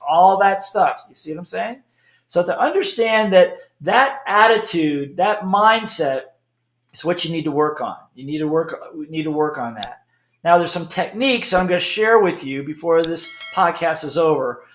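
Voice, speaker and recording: A middle-aged man giving an emphatic, animated motivational talk, often checking in with "okay?". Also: high-pitched, normal speed, echoey room. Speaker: speaker.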